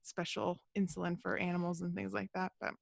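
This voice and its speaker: A woman's voice: on the low side, little pitch movement, fairly quick, creaky, no echo. Chatty young woman on a video call. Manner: chatty, laughs often, many fillers. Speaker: podcast co-host. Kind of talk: casual chat over video call. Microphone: video call mic.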